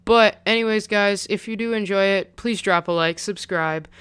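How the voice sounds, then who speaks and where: A man's voice: sits high, normal speed, fairly bright tone, smooth. A young man casually telling a story on his vlog, rambling and chatty with lots of "like", into a pop-filtered desk mic. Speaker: vlogger.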